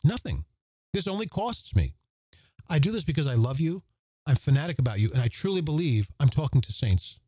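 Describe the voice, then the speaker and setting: An earnest Catholic podcast host alternates between reading scripture passages and reflecting on them, using repeated phrases to stress his points. His voice is mellow and warm yet fairly high and slightly rough, captured in a close, dry recording.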